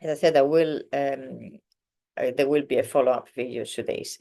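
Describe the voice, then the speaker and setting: A woman's voice: extremely low pitch, steady tone, moderate pace, gravelly, mellow. A woman teaching a grammar lesson in English, hesitant and full of fillers and self-corrections. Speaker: Italian teacher. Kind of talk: slow explanatory grammar lesson.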